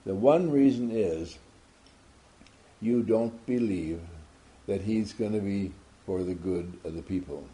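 A man's voice: fairly low pitch, takes it slowly, pauses often, dark tone. A man giving an emphatic motivational talk to a group, asking many rhetorical questions. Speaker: motivational speaker.

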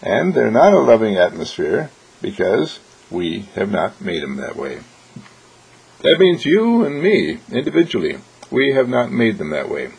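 A man's voice: mid-range voice, wildly swooping pitch, unhurried, vocal fry, a little mellow, breathy edge, poor audio. A man hosting an inspirational program, speaking in an earnest, preacherly way and acting out everyday exchanges to make his points. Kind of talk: inspirational radio talk.

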